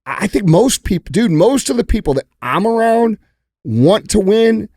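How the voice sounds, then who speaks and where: A man's voice: high-pitched, lively intonation, moderate pace, a little mellow, no room sound. Brash man on a dry mic. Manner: brash and casual, says dude and bro, swears often. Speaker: podcast guest. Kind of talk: casual podcast conversation.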